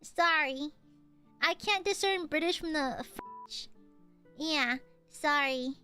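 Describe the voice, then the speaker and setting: A woman's voice: high-pitched, slow, bright, forceful tone, faint music behind. A young American woman streaming casually, playfully thanking donors and shrieking back at her chat. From United States. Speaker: VTuber streamer. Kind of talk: casual livestream chat, reading donations.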